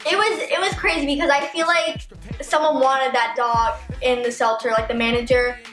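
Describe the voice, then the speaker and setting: Young woman, high voice, casual chatty storytelling, roomy echo. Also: fairly even intonation, fairly bright tone, faint music behind. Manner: chatty, quick to chime in with "like". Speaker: vlogger, daughter.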